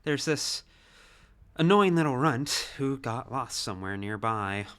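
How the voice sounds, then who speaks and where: A dry, condescending doctor on the trail of a missing child, read by a man playing along with friends. He talks slowly and deliberately, the pitch rising and falling widely. His tone is bright and clipped. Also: lively intonation, clean tone. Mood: probing. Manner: clinical, condescending, slow and deliberate. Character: stern, dry male doctor searching for a lost child. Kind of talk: voicing game dialogue with friends.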